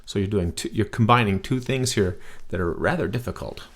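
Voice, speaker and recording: A man's voice: lowish voice, fairly quick. A man giving a casual spoken language lesson, patiently repeating words to demonstrate them. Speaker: language teacher.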